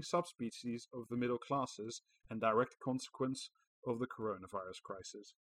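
A man's voice: medium pitch, moderate pace, fairly bright tone, no echo, low-quality recording. A man co-hosting a podcast, reading an article aloud and adding sarcastic, profane commentary. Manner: sarcastic, swears freely. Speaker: podcast co-host.

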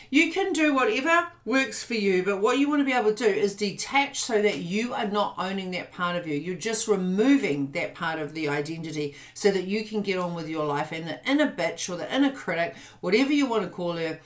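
A woman co-hosting a podcast in casual chat. She is blunt and swears freely. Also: mid-range voice. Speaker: podcast co-host.

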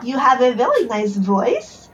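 A woman's voice: fairly high pitch, huge pitch swings, measured pace, highs cut off, a crowd in the background. A woman voicing a naive, overly friendly young female merchant who speaks in a wide-eyed, literal way. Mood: sweet. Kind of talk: tabletop role-play.

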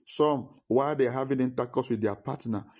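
A man delivers a Sunday sermon at an ordinary pitch, hammering his points home. He repeats key phrases for emphasis and talks straight to the congregation. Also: fairly quick, darkish tone. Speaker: preacher.

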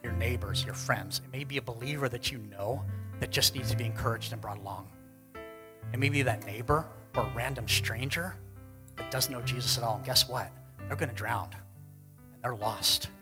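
A man preaching a sermon to a congregation, earnest, pushing some lines out loudly and dropping others to a hush. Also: mid-range voice, moderate pace, over music, low-quality recording. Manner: earnest, swings between loud emphasis and hushed lines. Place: church hall with congregation.

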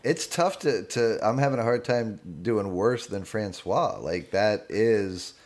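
Lower-voiced man cracking wry jokes. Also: lively intonation, a little slow, darkish tone. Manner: wry jokes, frequent laughter, swears casually. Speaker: podcast co-host. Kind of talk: casual comedic chat.

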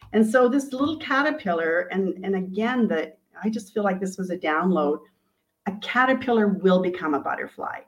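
A woman's voice: mid-range voice, poor audio. A woman, an author and coach, animatedly retelling her storybook in an interview and acting out its quotes.

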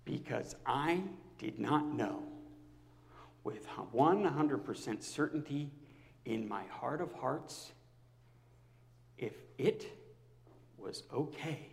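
Emotional pastor with wide-swinging delivery. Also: male voice, medium pitch, lively intonation, takes it slowly, vocal fry, long pauses, in a large hall. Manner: emotional, swings from loud to near-whisper. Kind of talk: sermon.

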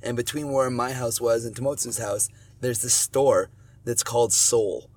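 A man's voice: medium pitch, fairly even intonation, moderate pace, a little mellow, a little hiss or hum. A Canadian man hosting a podcast in casual chat, swearing freely and telling stories with animation. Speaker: podcast host.

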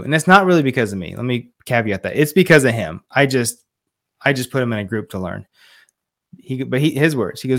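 Earnest guy in his 40s on a podcast, talking about being a dad, medium pitch, gets emotional, casual storytelling. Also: animated, a little fast, fairly bright tone. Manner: earnest, emotional, quotes others in his telling. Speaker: podcast guest, fatherhood coach.

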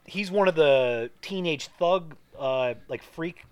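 A man's voice: on the high side, slow, clean tone, dry recording. A man co-hosting a casual movie podcast, swearing often and retelling scenes animatedly. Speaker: podcast co-host.

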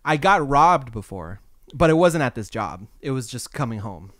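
A man's voice: medium pitch, very animated, normal speed, a bit bright, dry recording, clean studio sound. A man in casual conversation, telling stories from his old overnight jobs in a laid-back, rambling way. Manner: laid-back, tells stories with quoted exclamations. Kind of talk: casual storytelling chat.

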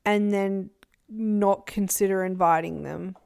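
A woman's voice: mid-range voice, slow pace, vocal fry, clear, resonant tone. A young woman co-hosting a podcast, chatting casually and animatedly about influencer drama. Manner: animated, quotes people in put-on voices. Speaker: podcast co-host. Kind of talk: casual gossip chat.

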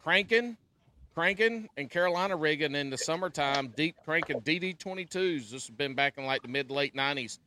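A man who is a guest on a podcast, talking in an animated, folksy way in casual chat. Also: a little high, a little fast, slight background noise.

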